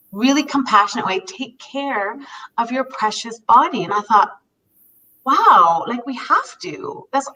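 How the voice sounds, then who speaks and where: A woman's voice: a little high, bright, forceful tone, far from the mic, slight background noise, low-quality recording. A woman in her fifties, co-hosting a casual talk and telling stories in an earnest, emphatic way. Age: 50s. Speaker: co-host. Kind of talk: casual conversation about self-care.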